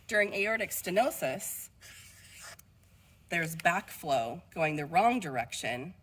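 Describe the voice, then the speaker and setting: A woman's voice: on the low side, a little hiss or hum, poor audio. A young adult woman, a nursing student, giving a class presentation and explaining step by step with occasional fillers. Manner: explanatory, walks through steps with occasional fillers.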